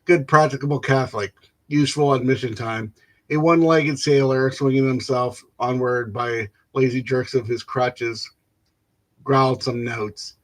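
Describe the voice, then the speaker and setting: A man reading a classic novel aloud without rehearsal, stumbling and restarting words and filling pauses with "uh". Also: mid-range voice, fairly even intonation. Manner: halting, stumbles and restarts words, fills gaps with "uh". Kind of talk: unrehearsed reading aloud of literary prose.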